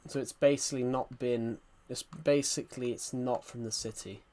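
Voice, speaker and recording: With a thick West Country accent from rural England, a man chats casually to his live-stream viewers, rambling, repeating phrases and calling them "guys." His voice is warm and medium-pitched, fairly even, at a moderate pace.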